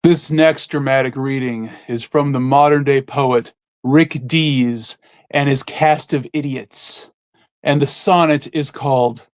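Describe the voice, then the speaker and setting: A man hosting a casual podcast, reading silly lyrics aloud in a deadpan, mock-dramatic recital. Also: a little high, no room sound, studio quality. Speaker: guest host.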